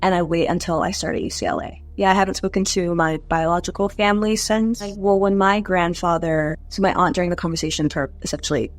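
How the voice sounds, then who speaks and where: A woman's voice: on the low side, steady tone, fast, hardly any pauses. A young woman in her twenties, an interview guest, telling her personal story candidly and conversationally, with frequent "like" fillers.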